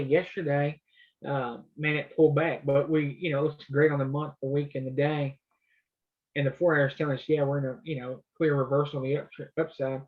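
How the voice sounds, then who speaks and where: Man coaching trading, higher voice, muffled audio. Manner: loose, conversational explaining. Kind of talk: casual live coaching session.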